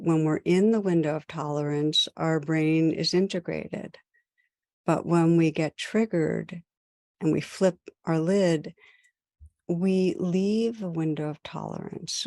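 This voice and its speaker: A woman meditation teacher and podcast host giving a recorded talk in gentle, measured short phrases with pauses. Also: low voice, dry recording, clean studio sound.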